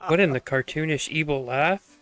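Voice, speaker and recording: A man's voice: a little high, normal speed, fairly bright tone, no echo, soft background music. A man casually commenting on a game he plays, joking along. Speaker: gameplay streamer.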